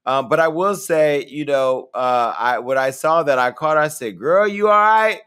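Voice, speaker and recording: A male host talks through celebrity news in a chatty, opinionated way. He speaks straight to the viewers at a mid-range pitch. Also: normal speed, fairly bright tone, clean tone. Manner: conversational, opinionated, addressing viewers. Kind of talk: casual entertainment commentary.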